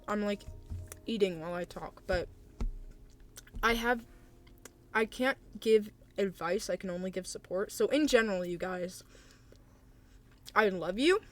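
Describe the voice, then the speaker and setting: A young woman streaming live, talking casually and gently to her chat, hesitant and supportive with many fillers. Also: mid-range voice, slight background noise. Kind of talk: casual live-stream chat, reading and answering viewer messages.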